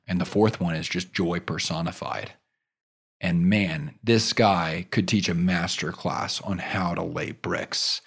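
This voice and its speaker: Brief: male podcast host, lowish voice, motivational talk, emphatic peaks, drops quiet for stories. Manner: emphatic and earnest, building to loud peaks; drops soft and low when telling a story. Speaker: podcast host and business leadership coach.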